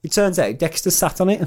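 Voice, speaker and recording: A young man co-hosting a podcast, telling stories in casual chat and swearing freely. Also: medium pitch. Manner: animated, swearing storyteller. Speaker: podcast co-host.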